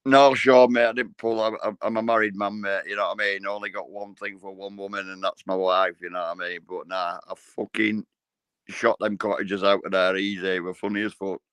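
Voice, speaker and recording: A hoarse man hosting a casual livestream chat, blunt and sweary with laddish banter. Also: on the low side, level tone, a little fast, a bit bright, no room sound. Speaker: livestream host.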